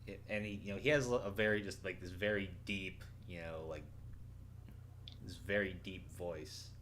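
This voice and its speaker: Male player, low pitch, halting casual description. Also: fairly even intonation, a bit bright, slight background noise. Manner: hesitant, many fillers. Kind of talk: tabletop role-play.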